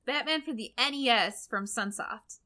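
Bright-voiced young woman podcast co-host. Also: on the high side, moderate pace. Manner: animated, gushing comic-book fan with many fillers. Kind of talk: casual chat.

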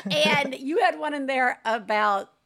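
Candid, animated woman podcast host. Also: high-pitched, measured pace. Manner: candid, swears freely, animated storytelling. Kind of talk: casual chat.

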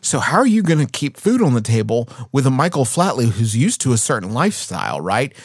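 Animated joking man on a podcast. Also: medium pitch, fairly quick, slightly rough, dry recording, studio quality. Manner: animated, joking, talks in bits. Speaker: podcast co-host. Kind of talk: casual comedic chat.

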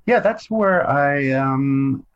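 A man, a podcast guest, telling stories in a relaxed chat full of fillers and restarts. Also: medium pitch, drawn-out words, clear, resonant tone, muffled recording. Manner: relaxed storytelling with many fillers. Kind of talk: casual interview chat.

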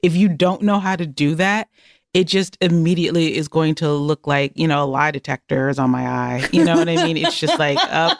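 Animated woman guest, dry close sound. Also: sits low, gravelly, no room sound. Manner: animated, jokey, quick asides. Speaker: podcast guest. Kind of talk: casual conversation.

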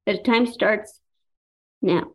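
A woman's voice: mid-range voice, extremely slow, lo-fi sound. A woman co-hosting a comedy game show podcast, upbeat and reading the credits. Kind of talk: casual podcast chat.

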